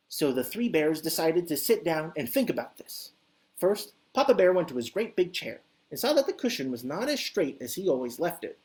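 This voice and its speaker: Woman, low voice, lively pitch, expressive children's story reading. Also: moderate pace.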